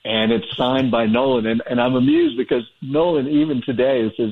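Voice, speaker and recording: A man's voice: mid-range voice, big pitch swings, normal speed, hardly any pauses, breathy edge. Male guest author on a phone line, mid-range voice, rambling anecdotal delivery. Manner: chatty storyteller, many fillers and restarts. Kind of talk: phone-in radio interview.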